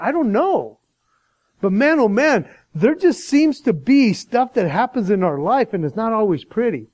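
A man preaching a sermon, reading scripture and then talking about it in a chatty, animated way, acting out little voices along the way. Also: high-pitched, dry recording, poor audio. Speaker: pastor.

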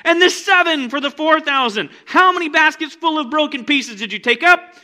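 A man preaching as an exasperated Jesus, his voice lifted high and bright as he fires question after question at his followers. The tone is loud, sharp and pleading, like a teacher at the end of his patience. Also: animated, normal speed, heavily acted. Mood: scolding.

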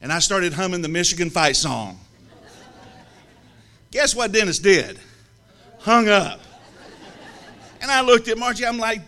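A man from the American South, telling a humorous story to an audience in a lively, teasing way with comic pauses. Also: high voice, a faint crowd. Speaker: speaker telling a story about a friend.

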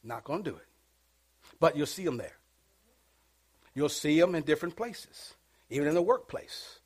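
Male pastor, high voice, sermon with call-and-response, soft passages building to shouted peaks. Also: lively intonation, normal speed, long pauses, breathy edge. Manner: swings from hushed to shouting, call-and-response preaching. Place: church.

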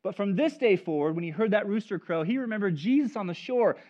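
A man preaching a sermon as pastor, telling stories in an animated, conversational way. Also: high voice, quick pace. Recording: dull lo-fi recording.

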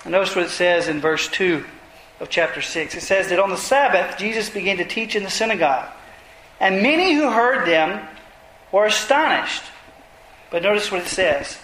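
Here the preacher's voice sits high and a bit bright, animated but at a normal speed. Against slight background noise and roomy echo, he retells passages of scripture in an expository sermon, earnest and emphatic as he drives his points home.

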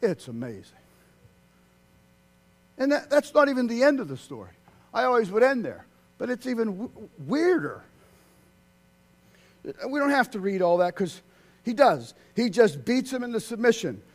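A man preaching a sermon, swinging from loud, excited outbursts to hushed, quiet passages. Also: very high-pitched, normal speed, long pauses.

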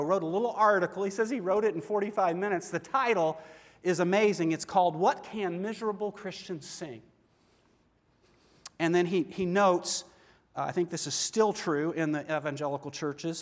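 In a church with a big-room sound, a middle-aged pastor preaches in a high-pitched voice. He is earnest and conversational and asks his listeners questions.

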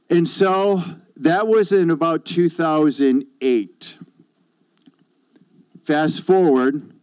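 Preacher, male, warm low-key storyteller, dry muffled recording. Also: smooth, no echo. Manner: storytelling, conversational, quotes others. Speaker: pastor. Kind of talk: sermon testimony.

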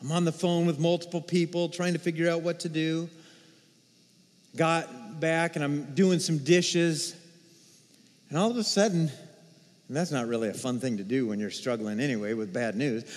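A man preaching a sermon as pastor, telling a personal story with animated swings between hushed and excited delivery. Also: fairly high pitch, moderate pace. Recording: reverberant hall.

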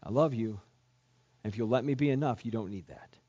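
Gentle fatherly God voiced by a man, soft husky tone, dull lo-fi recording. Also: medium pitch, fairly quick, dry recording, natural voice. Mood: tender. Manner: soft, tender reassurance.

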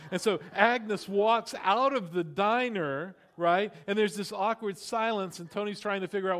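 A middle-aged man preaching a sermon in a lively, conversational way, with frequent asides to the congregation. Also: high-pitched, normal speed, few pauses. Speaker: pastor. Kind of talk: sermon with storytelling.

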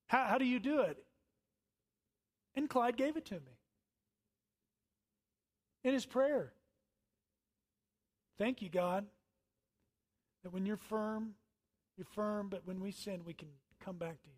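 A middle-aged man preaching a sermon as pastor, moving between loud emphatic lines and soft, almost whispered ones. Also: high-pitched, unhurried, pauses often.

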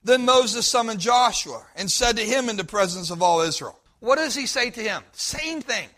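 Male pastor, emphatic sermon delivery, high and tense-edged voice. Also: lively intonation, moderate pace, sharp tone. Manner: emphatic preaching, repeats promises with rising force.

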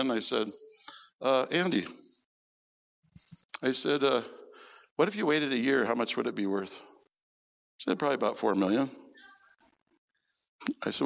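A man preaching as pastor, telling stories in an animated sermon and quoting people in a lower voice. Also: gravelly, long reverb tail, highs cut off. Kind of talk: sermon storytelling. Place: church service.

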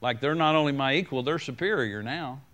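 A pastor preaches a sermon, speaking conversationally to his congregation, repeating key phrases and slowing down when quoting scripture. His voice is medium-pitched and a bit bright.

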